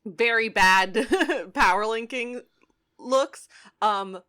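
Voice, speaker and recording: A woman's voice: on the high side, very slow, pushed and bright, clear, resonant tone. A woman co-hosting a podcast, chatting casually with wry remarks and frequent laughter. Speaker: podcast co-host. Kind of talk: casual chat.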